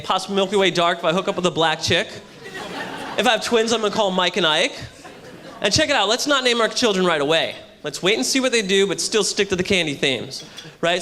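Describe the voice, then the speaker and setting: A young man doing a brash stand-up comedy set with loud crowd work at a hotel show. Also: high-pitched. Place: hotel comedy show before a live audience. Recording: live room with audience.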